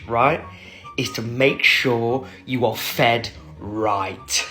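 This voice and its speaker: A man's voice: medium pitch, drawn-out words, faint music behind. Emphatic man praising food to camera. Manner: lively, warm-hearted and emphatic. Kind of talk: casual vlog to camera.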